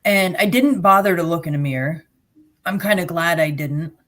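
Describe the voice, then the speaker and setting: A middle-aged New Jersey woman with a Jersey accent speaks as a guest, telling her own story in a blunt, sarcastic, plain-spoken way. Her voice sits on the low side and is a bit bright, at a normal speed.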